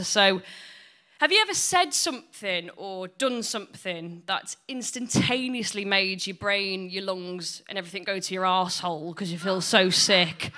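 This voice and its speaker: Bright, sweary young Englishwoman. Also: medium pitch, moderate pace. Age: 20s. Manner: sweary, blunt and self-mocking. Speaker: stand-up comedian. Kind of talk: stand-up storytelling.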